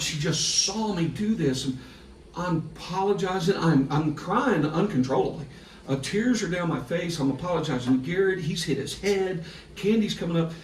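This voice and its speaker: A middle-aged man, a sports broadcaster guest on a podcast, telling a story in a lively way and laughing through it. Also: fairly high pitch. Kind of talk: casual storytelling. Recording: echoey room, distant mic, faint hiss.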